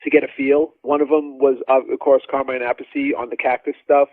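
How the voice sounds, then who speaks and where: Chatty drummer guest on a tinny line. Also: male voice, medium pitch, fairly quick, no echo. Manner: animated, rambling, acts out quoted dialogue. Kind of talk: casual storytelling interview. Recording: dry tinny phone-like line.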